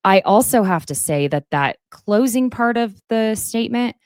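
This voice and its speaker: A woman's voice: fairly high pitch, expressive, moderate pace, darkish tone, clean tone, no echo, studio quality. A woman hosting a casual recap, chatty and opinionated, with asides and mock voices. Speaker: recap host.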